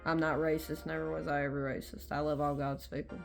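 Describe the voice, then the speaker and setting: A woman's voice: deep voice, flat delivery, brisk, vocal fry, faint music behind. A woman with a Southern American accent, rambling candidly in a casual personal vlog from her room. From Southern United States. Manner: rambling and candid, many fillers. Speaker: vlogger. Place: small bedroom at home.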